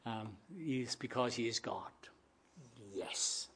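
A preacher, a man, delivering a sermon, shifting between quiet reflective musing and loud rising proclamation. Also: medium pitch, takes it slowly, a little hiss or hum.

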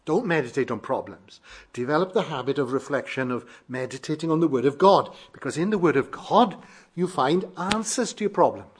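A man's voice: on the high side, lively intonation, brisk, husky. A male preacher giving a sermon, emphatic, repeating phrases with shifting stress.

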